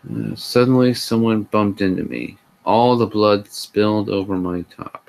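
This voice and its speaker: Brief: male host, dry sarcastic reader, slow lowish voice, lots of sighing. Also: gravelly, a little mellow. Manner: sarcastic, sighing, exasperated asides. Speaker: host reading a fan fiction aloud. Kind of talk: sarcastic live comedic reading.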